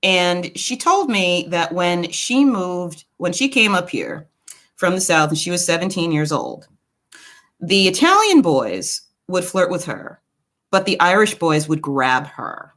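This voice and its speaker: Woman from Brooklyn, low voice with lots of swing, chatty storyteller who drifts into asides. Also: measured pace. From Brooklyn, New York. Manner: digressive, with asides to the viewer; animated, swings her voice widely. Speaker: commentary channel host. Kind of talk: casual storytelling monologue.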